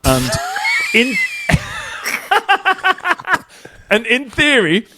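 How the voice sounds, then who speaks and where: A man's voice: extremely high pitch, big pitch swings, very slow, pushed and bright, a little hiss or hum. A man from the UK co-hosting a podcast, bantering casually and laughing often. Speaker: podcast co-host.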